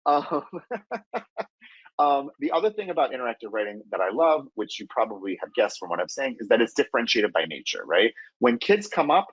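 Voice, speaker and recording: A middle-aged man giving a casual teacher webinar, animated and chatty, who acts out children's self-talk in a higher voice. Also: fairly quick, slightly rough, no room sound, highs cut off. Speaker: teacher trainer presenting a webinar.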